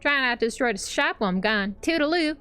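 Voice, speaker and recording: A woman's voice: high-pitched, expressive, quick pace, pushed and bright, smooth, soft background music, voice pushed up. A woman reading the lines of a chatty, eccentric game shopkeeper in a breezy, theatrical way.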